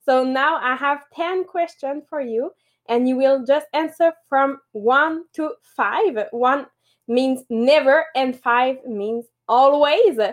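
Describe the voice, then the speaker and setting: A woman in her thirties with a high voice, whose French first language shows. She co-hosts a motivational podcast and explains things at a steady pace, with a few fillers. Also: takes it slowly. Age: 30s. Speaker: podcast co-host.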